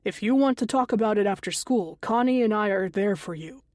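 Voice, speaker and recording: A calm father figure who lays down rules patiently and evenly, strict underneath, read by a woman narrator. Her voice stays close to her own, in a dry, close recording. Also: medium pitch, a little fast, no echo, lightly acted. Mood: reassuring. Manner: patient, lecturing, gently firm. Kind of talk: audiobook character voice.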